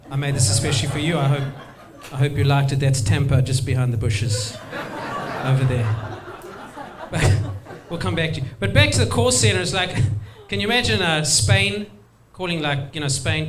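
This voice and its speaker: A man's voice: fairly high pitch, noisy background. A man performing a stand-up comedy set on stage, chatting with the crowd and slipping into put-on accents.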